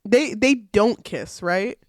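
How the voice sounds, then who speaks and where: A young woman co-hosting a casual book podcast, excitable and swearing casually as she retells scenes. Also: medium pitch, takes it slowly, dry recording, clean studio sound. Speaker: podcast co-host.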